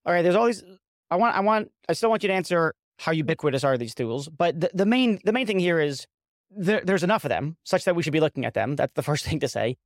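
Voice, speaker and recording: A man hosts a podcast interview, setting up the topic and putting questions to his guests. His voice sits a bit higher than most men's, and he talks earnestly, often restarting and repeating words. The recording is dry and close. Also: expressive, quick pace, no echo. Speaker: podcast host.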